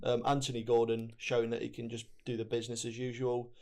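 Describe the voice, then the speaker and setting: A man's voice: medium pitch, completely flat delivery, fast talker, darkish tone. Blunt young man, offhand banter. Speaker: podcast co-host. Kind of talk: casual football chat.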